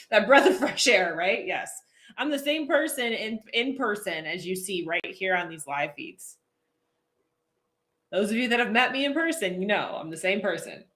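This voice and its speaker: A woman's voice: medium pitch, animated, normal speed, sharp tone. A woman coaching viewers in a casual live-stream chat, chatty and goofy, laughing often and answering comments aloud. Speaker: posing coach hosting a live feed.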